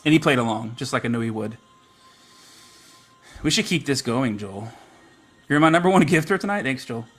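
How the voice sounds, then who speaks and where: A man's voice: medium pitch, animated, moderate pace, pauses often, a bit bright, soft background music. A man hosting a livestream, chatting casually and teasing a friend in a joking, playful way. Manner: teasing, joking, full of "like" fillers. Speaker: livestream host.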